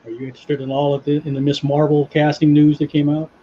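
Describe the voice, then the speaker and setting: A man hosting a casual chat while he draws, talking in a relaxed, unhurried way with a dry voice. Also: a little high. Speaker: host. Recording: muffled lo-fi audio with faint hiss.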